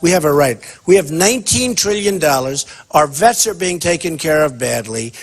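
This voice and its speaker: A husky-voiced man with a somewhat high pitch, holding forth at a campaign town hall. He talks off the cuff and boasts freely. He wanders from point to point and keeps circling back to the same phrases. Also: expressive, moderate pace. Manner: boastful, rambling, repeats himself. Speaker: political candidate at a town hall.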